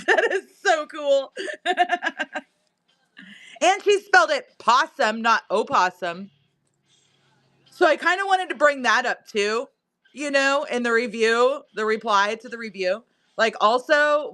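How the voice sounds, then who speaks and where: A high-voiced woman chatting on her own live stream, laughing often as she reads and answers comments. She talks slowly and unhurriedly, amused and easygoing from start to finish. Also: a bit bright. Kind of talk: casual live-stream chat. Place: her home, indoors.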